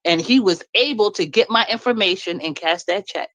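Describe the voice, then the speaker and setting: A middle-aged woman talks bluntly and with a lot of feeling on a live stream. Her pitch leaps up when she is indignant, and she laughs between points. The sound is dry and close, with almost no room echo. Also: moderate pace. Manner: blunt and animated, laughs often, swings high when indignant. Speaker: guest speaking on a live stream. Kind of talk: venting in casual live-stream chat.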